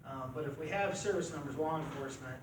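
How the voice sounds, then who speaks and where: A middle-aged man telling an animated, folksy story at a club meeting. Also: on the high side, fast. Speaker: club member. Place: meeting room. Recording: echoey room from far off, faint noise.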